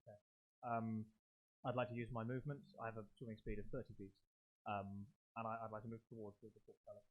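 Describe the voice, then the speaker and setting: A man's voice: on the low side, level tone, fast. A man playing in a tabletop game, thinking aloud tentatively with many ums. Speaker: player. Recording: slightly dull recording.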